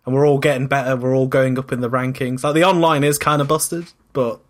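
A man's voice: mid-range voice, fairly even intonation, brisk. A man co-hosting a podcast, talking in an easygoing way and laughing often. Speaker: podcast co-host. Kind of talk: casual chat.

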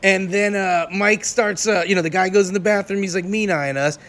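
A man with a notably high speaking voice tells crude stories from life on the road. He talks loosely and laughs easily, and the tone stays casual and irreverent throughout. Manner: crude, animated, quick to laugh. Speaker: touring performer. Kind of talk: raunchy casual storytelling.

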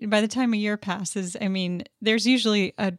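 A woman's voice: medium pitch, fairly even intonation, moderate pace, no room sound. Affirming woman host, dry sound. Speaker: interviewer host. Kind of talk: interview hosting.

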